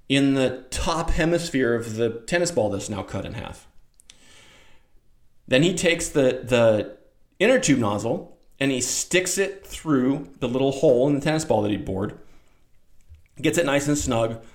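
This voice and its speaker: A middle-aged man telling a rambling, animated childhood story in a casual way, acting out voices. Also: mid-range voice. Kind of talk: casual anecdote. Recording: roomy echo.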